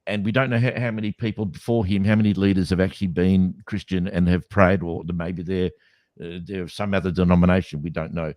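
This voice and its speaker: A man's voice: deep voice, flat delivery, fairly quick, darkish tone, no room sound. A man co-hosting a podcast, talking skeptically in a casual debate with many restarts. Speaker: podcast co-host.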